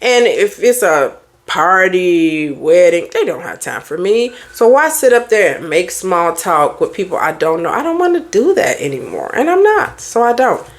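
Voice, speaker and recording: A woman's voice: lowish voice, normal speed. A middle-aged woman therapist and life coach, giving blunt, preachy motivational advice in a casual talk. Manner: blunt, animated, preachy advice with mimicked quotes.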